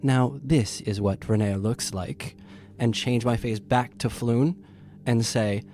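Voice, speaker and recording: A man's voice: medium pitch, fairly even intonation, slow, a little mellow, a little hiss or hum. A man taking part in a tabletop role-playing game, describing his character's actions. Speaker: player.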